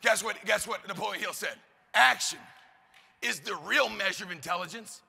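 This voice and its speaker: A man delivers a hyped motivational talk to a live crowd, firing questions and shouting back the answers. His voice sits high and carries heavy gravel with a piercingly bright edge. The sound rings out with the long reverb of a large event hall. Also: moderate pace. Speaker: motivational speaker. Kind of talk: high-energy motivational speech to a live audience.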